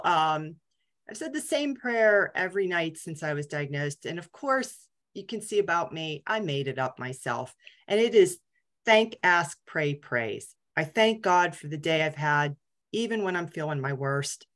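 A woman's voice: on the low side, a bit bright. A middle-aged woman giving a candid, casual talk to a support group, self-deprecating and full of ums. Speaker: guest speaker.

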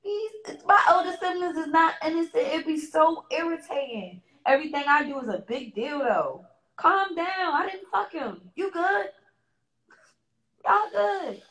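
A woman's voice: very high voice, lively intonation, a little slow, fairly bright tone, roomy sound, low-quality recording. A young woman venting on a live stream in an exasperated, profane way.

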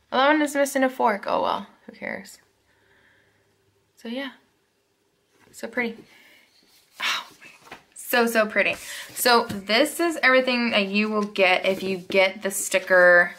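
With a medium-pitched, creaky voice, a woman talks to her viewers as she opens planner supplies at her home desk. She's gushing and excitable, full of chatty little asides.

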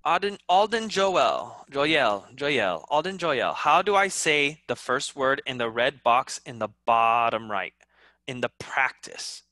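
Man, teacher, very slow, bright voice, dry close sound, patient repetition. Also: medium pitch, big pitch swings, no room sound. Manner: slow, patient, repeats words, mixes in Indonesian. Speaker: English teacher. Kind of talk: online class teaching.

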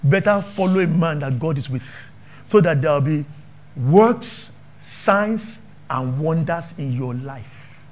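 Animated Nigerian pastor, high lively voice. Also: male voice, takes it slowly. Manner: animated preaching, swings from hushed asides to shouted questions, laughs often. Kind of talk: sermon.

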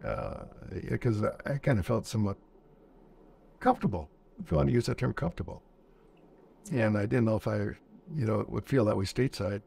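A man's voice: on the low side, quick pace, creaky, darkish tone, slight background noise. A man in his seventies, a veteran interviewee, recounting war memories in a plainspoken storytelling manner and acting out old dialogue. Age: 70s.

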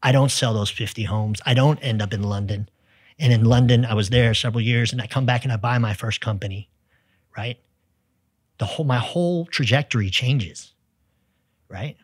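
A Texan man, a sales executive, telling lively business stories as a podcast guest, acting out the people in them. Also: medium pitch, moderate pace, breathy edge, dry recording, studio quality. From United States. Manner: energetic, tells stories with quoted dialogue. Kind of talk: storytelling in conversation.

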